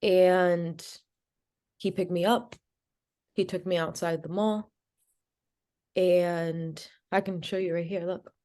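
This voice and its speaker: A young woman from Providence, Rhode Island, speaks in a low-ish voice at a slow pace, with long pauses. Guesting on a podcast, she tells her story in an animated way, acting out dialogue and filling it with "like."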